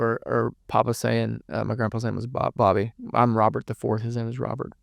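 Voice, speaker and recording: A man's voice: medium pitch, flat delivery, a little fast, creaky, few pauses, dry recording, clean studio sound. A young man, telling a painful family story as a podcast guest in a rambling, emotional way, with many restarts and curse words. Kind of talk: candid personal storytelling.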